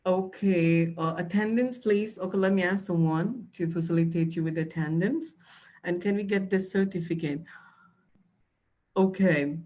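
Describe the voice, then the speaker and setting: A woman's voice: lowish voice, normal speed, darkish tone. A woman teaching an exam-prep class live, giving tips and calling students "dear". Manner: instructive, addresses students as dear. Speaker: IELTS trainer. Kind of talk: live online class, answering chat.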